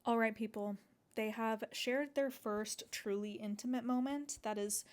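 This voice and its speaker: A woman's voice: a little high, steady tone, a little slow. Chatty woman recapping a book. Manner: chatty, exclamatory, many "like" fillers. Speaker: book vlogger. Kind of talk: casual book recap vlog.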